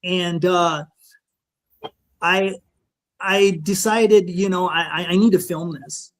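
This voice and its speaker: Shaken man telling his story haltingly. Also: sits high, fairly even intonation. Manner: halting, with frequent restarts and "you know"; shaken, emotional retelling. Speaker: podcast guest. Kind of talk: recounting a personal encounter.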